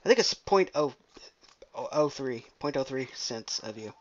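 A man's voice: medium pitch, lively intonation, a little slow, dull audio, slight background noise. A young man rambling casually and profanely while commenting on a game he is playing. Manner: rambling, profane, jokey, trails off. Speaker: gameplay commentator. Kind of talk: casual let's play commentary.

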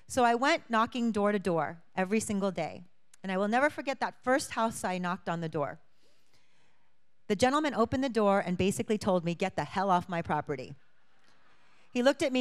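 A woman's voice: mid-range voice, animated, normal speed, smooth. A young adult woman from Hawaii, a lawmaker, telling her testimony to a congregation with earnest storytelling and acted-out quotes. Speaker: church guest speaker, state lawmaker.

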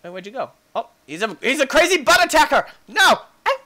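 A man hosting a gaming channel, giving excitable Let's Play commentary and cooing baby talk at his pets. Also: very high-pitched, fairly quick.

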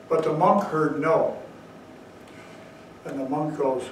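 A man giving a dharma talk as a Zen teacher, telling stories with slow emphatic asides, recorded far from the mic in a very echoey hall. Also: on the high side, slight background noise. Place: meditation hall.

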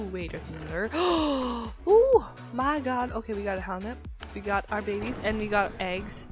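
A young woman chatters through a game at her desk mic, hyper and giggly, her voice sitting fairly high. Her speech is slightly altered by a retainer, swinging from excited shrieks to quiet muttering. Faint game music plays behind her. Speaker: gaming YouTuber. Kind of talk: casual gameplay commentary. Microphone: desktop mic, no face cam.

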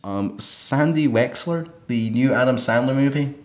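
A man's voice: mid-range voice, expressive, unhurried. A man chatting about films as a co-host, rambling with lots of fillers and laughing often. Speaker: film club co-host. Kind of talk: casual film chat. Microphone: single microphone in front of a camera. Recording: roomy echo.

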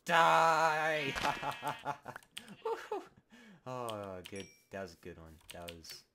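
A man giving goofy, rambling, mock-dramatic commentary while playing a video game, with sudden bursts of shouting. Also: low voice, moderate pace. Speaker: gaming video host. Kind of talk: comedic Let's Play commentary. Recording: noisy home recording with keyboard clicks.

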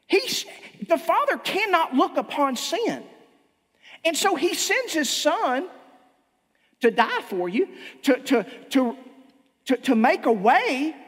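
Impassioned high-pitched male preacher. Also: fairly bright tone. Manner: impassioned, emphatic, repeats and restarts. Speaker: pastor. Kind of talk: sermon. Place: church. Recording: long church-hall reverb.

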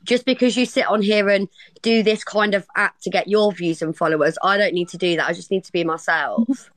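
A woman's voice: mid-range voice, fairly even intonation, brisk, no room sound. A woman, talking bluntly and sarcastically in a confrontational livestream chat. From Kettering, England. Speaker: livestream guest.

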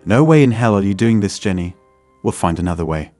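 A man's voice: on the low side, lively intonation, fairly quick, warm tone, soft background music, lightly acted. A man voicing a determined young woman who speaks firmly and angrily. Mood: firm angry. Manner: firm, angry.

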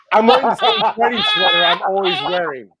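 Animated man telling a story, lively pitch. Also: vocal fry, very noisy. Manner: animated storyteller, swears freely. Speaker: podcast co-host. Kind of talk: casual chat.

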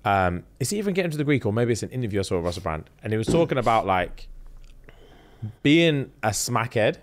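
Young male podcast co-host, lively storyteller, voice swinging high and low. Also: fast talker. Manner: animated storytelling, acts out quotes, laughs often. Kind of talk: casual chat.

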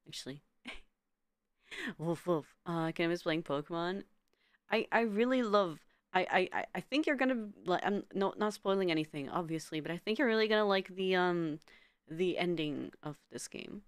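Giggly low-voiced woman streamer. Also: clear, resonant tone, dry recording. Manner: giggly, stammers and repeats words. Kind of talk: casual live-stream chat with viewers.

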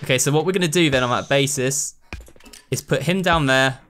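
A man's voice: mid-range voice, a little fast, a bit bright, slight background noise. A British man giving casual let's-play commentary, chatting himself through each move. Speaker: gaming YouTuber.

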